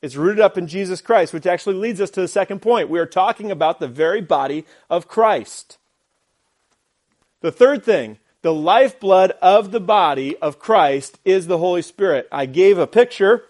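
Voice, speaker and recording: A man's voice: high voice, lively intonation, moderate pace, a little mellow. A man preaching a sermon as pastor, emphatic, with rhetorical questions and repeated phrases. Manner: uses a glove as a prop.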